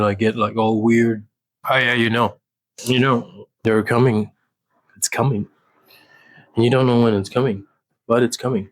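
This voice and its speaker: Deadpan rambling man cooking at home. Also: mid-range voice, no echo. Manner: halting, many fillers and restarts, deadpan rambling. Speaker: home cook vlogger. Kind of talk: rambling casual monologue while cooking. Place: home kitchen.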